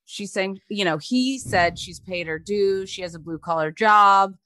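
A woman's voice: medium pitch, unhurried, dry recording. A middle-aged woman co-hosting a podcast, a mother who recounts stories casually with wry asides. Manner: relaxed storyteller, wry asides. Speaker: podcast co-host. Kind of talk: casual chat.

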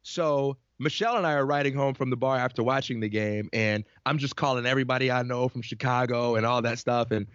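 A man co-hosting a casual podcast chat, excitedly telling stories and acting out family conversations. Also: medium pitch, fairly quick, hardly any pauses, dry recording. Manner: excited storyteller, acts out family dialogue. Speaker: podcast co-host. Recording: dry, dull lo-fi sound.

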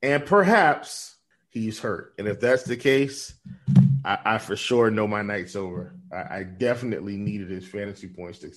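A man's voice: on the low side, moderate pace, a bit bright. A man co-hosting a fantasy basketball podcast in casual chat, often stumbling and repeating words with many fillers.

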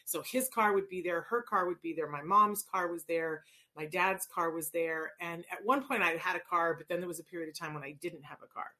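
A middle-aged parent educator on autism tells casual, animated stories about play and autistic children, acting out voices in her anecdotes. Her voice is on the low side, a little fast, with few pauses.

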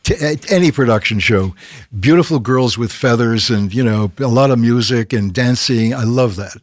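A man's voice: medium pitch, normal speed, no room sound, studio quality. Older man spinning showbiz stories. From Canada. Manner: lively raconteur who acts out quotes and keeps tagging okay?. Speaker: guest telling stories. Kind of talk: casual anecdotal storytelling.

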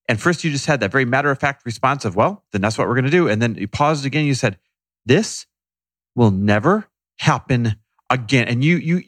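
A man's voice: mid-range voice, a bit bright, no room sound, studio quality. A man co-hosting a podcast, recounting past events in a candid, self-deprecating way. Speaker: podcast co-host. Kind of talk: casual conversation.

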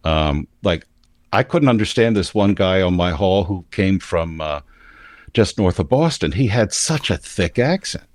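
A man with a standard American accent, explaining his views in a casual discussion in a measured way. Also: deep voice, expressive, a little mellow, dry recording, clean studio sound. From United States. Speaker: commentator.

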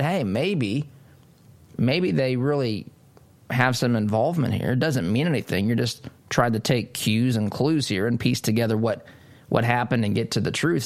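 A man's voice: medium pitch, lively intonation, normal speed, creaky. A man hosting a political talk radio show, delivering an emphatic monologue with mocking asides. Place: studio.

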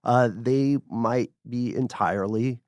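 A man co-hosting a podcast, explaining history in a measured, casual way with frequent chuckles. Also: medium pitch, darkish tone, no echo. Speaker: podcast co-host.

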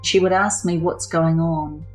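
Older New woman, low and earnest, measured personal testimony over faint music. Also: fairly even intonation, low-quality recording. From New Zealand. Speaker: former therapist sharing her story.

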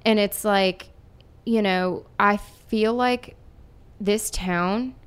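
A woman's voice: mid-range voice, very slow, smooth. A woman from Erie, Pennsylvania, a singer-songwriter guest talking casually in a podcast interview, chatty and earnest with lots of fillers.

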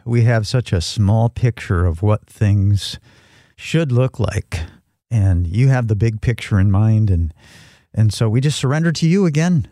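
A man's voice: on the low side, expressive, unhurried, mellow, no echo, clean studio sound. A male host speaking earnestly in a reflective devotional talk and prayer.

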